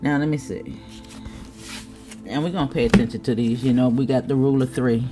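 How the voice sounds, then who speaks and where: A woman giving a casual tarot reading, chatty, with laughing asides and drawn-out exclamations. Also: rumbling low, fairly even intonation, music in the background. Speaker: tarot reader.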